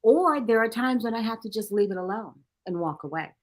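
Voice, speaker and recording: A woman author talking in a casual interview, animated and quick to laugh. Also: fairly high pitch. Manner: animated, laughs often, shouts out friends. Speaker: author, guest.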